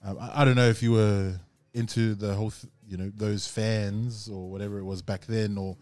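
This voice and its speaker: A man's voice: on the low side, level tone, normal speed, a little mellow, no room sound. A man hosting a podcast, talking casually with many fillers and restarts. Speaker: podcast host. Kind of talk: casual chat.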